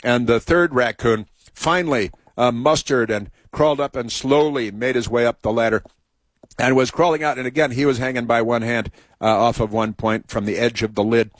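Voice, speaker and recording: A man's voice: mid-range voice, steady tone, normal speed, dry recording. Rambling man hosting a talk show. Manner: meandering, full of restarts and asides. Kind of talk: rambling storytelling and political commentary.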